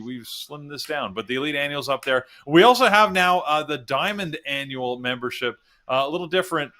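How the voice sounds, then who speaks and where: A man's voice: medium pitch, pushed and bright, clear, resonant tone. A middle-aged Canadian man hosting a live trading show, chatting casually and walking through charts step by step. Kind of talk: live-stream market chat.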